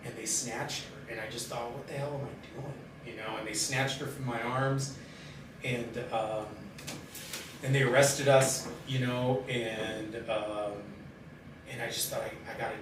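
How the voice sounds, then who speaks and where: A middle-aged man telling his own life story in a halting, candid way, with many pauses and fillers. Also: medium pitch. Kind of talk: personal storytelling in conversation. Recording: very echoey room, distant mic, steady background noise.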